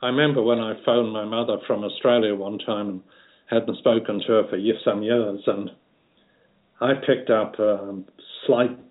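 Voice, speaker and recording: An older man with a light Liverpool accent speaks in a low, unhurried voice, full of restarts and ums. He sounds like a guest being interviewed. The sound is tinny, like a phone line. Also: steady tone. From Liverpool, England. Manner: unhurried, many fillers and restarts. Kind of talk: casual interview reminiscence.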